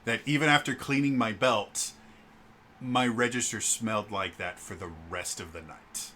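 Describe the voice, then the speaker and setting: A man narrating as game master of a tabletop game, talking in a halting, stumbling way. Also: fairly low pitch, bright, forceful tone, a little hiss or hum.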